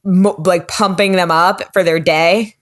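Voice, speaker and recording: A relaxed woman hosting a podcast conversation, reflective and quick to laugh. Her voice sits on the lower side for a woman. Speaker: podcast host. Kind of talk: casual interview chat.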